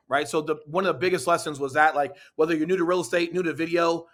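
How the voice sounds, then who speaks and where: Guest man, earnest storyteller, fairly high voice, leans on "you know" and "right?". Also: steady tone, quick pace, a bit bright. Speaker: podcast guest, real estate team leader. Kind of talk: casual interview storytelling.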